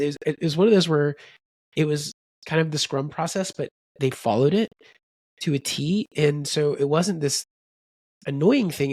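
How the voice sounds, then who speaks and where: A man co-hosting a podcast, speaking in relaxed casual chat with fillers. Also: a little high, dry recording. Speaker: podcast co-host.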